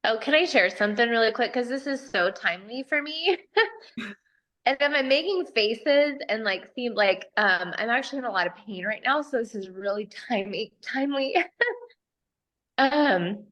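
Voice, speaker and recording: A woman's voice: fairly high pitch, lively intonation, moderate pace, a bit bright. A woman taking part in a group video call, telling her own story candidly and laughing often between sentences. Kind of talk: casual personal sharing.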